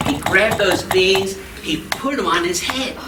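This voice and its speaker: A man telling a folk tale to children in a lively way, asking the audience questions as he goes. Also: high voice, a little slow. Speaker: storyteller and children's singer. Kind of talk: storytelling and singalong for children. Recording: echoey room, distant mic, noisy.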